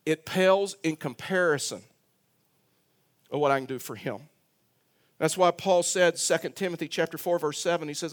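Older high-voiced preaching pastor. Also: male voice, clean tone. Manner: emphatic preaching with repetitions and storytelling. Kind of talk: sermon. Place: church sanctuary.

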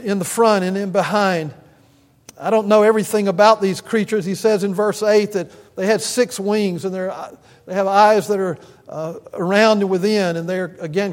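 Male pastor, high-pitched, earnest sermon delivery, reverberant sanctuary sound. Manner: earnest preaching, rising to emphatic peaks, with frequent "uh" fillers.

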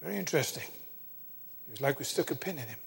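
An older man preaching, telling a personal story in an earnest sermon style that sinks to a hushed tone at tense moments. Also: medium pitch, expressive, very fast, breathy edge. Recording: long hall reverb.

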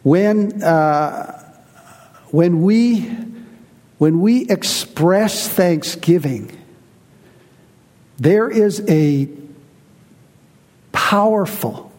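A pastor preaching a sermon to his congregation, earnest and emphatic, slowing down to stress key words. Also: on the high side, a little mellow. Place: church. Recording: reverberant hall.

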